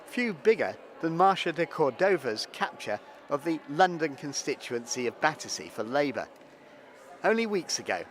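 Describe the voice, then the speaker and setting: A man presenting a radio report and interviewing a guest in a measured, conversational way, recorded in a large indoor lobby. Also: on the high side, fairly bright tone. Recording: public lobby with some noise.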